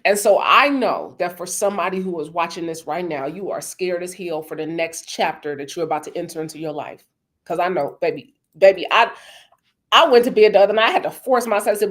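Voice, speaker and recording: A woman's voice: lowish voice, a little fast. Emphatic woman giving a motivational talk. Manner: emphatic and repetitive, addressing listeners as y'all and baby; acts out quoted conversations in a softer voice. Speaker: host.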